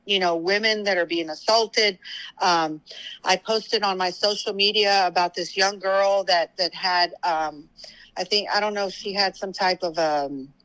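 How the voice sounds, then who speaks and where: A woman with a bright, forceful voice talks politics as a guest on a show. She sounds tired and rambles, stopping and restarting her sentences with plenty of fillers, and her words come out heated. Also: mid-range voice, fairly even intonation, a little slow, low-quality recording. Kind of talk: casual political talk.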